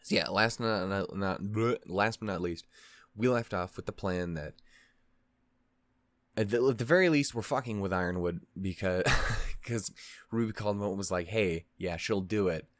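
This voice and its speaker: A man's voice: on the low side, moderate pace, long pauses, dry recording, studio quality. A man hosting a reaction channel, casually recapping a show in a rambling way, with lots of fillers, restarts and swearing.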